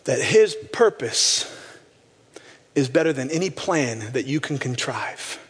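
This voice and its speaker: A male pastor preaching a sermon with passion, slowing down to stress key phrases. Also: medium pitch, expressive, slightly rough. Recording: long hall reverb.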